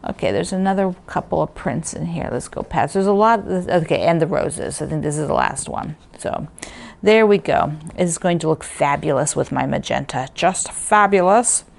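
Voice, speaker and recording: Woman, quilting vlog host: chatty and rambling, gushing over fabric, somewhat low voice. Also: animated, normal speed, gravelly, a little mellow. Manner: chatty, enthusiastic, rambling with fillers. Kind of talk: casual chat.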